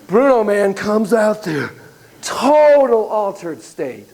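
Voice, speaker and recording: A man who is a psychologist telling a story to students in a lecture, animated and joking, with frequent laughs. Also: fairly high pitch, unhurried.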